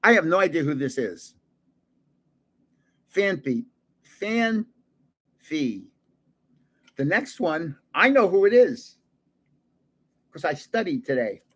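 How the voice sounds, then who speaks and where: A man's voice: a little high, sing-song, moderate pace, fairly bright tone, husky. An older man hosting a casual livestream, chatting and chuckling as he opens and shows off trading cards and greets his viewers. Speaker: card-collecting livestream host. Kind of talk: casual livestream chat while opening cards.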